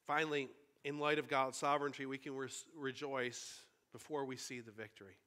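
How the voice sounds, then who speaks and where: A man's voice: mid-range voice, fairly even intonation, brisk, pushed and bright. A man preaching a sermon, retelling a story in an earnest, conversational way.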